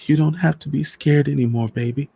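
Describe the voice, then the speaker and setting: A man voicing a desperate young wife who pleads softly with her dying husband, in a storybook reading. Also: fairly low pitch, fairly even intonation, unhurried, breathy edge, pitched above the performer's own voice. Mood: soothing.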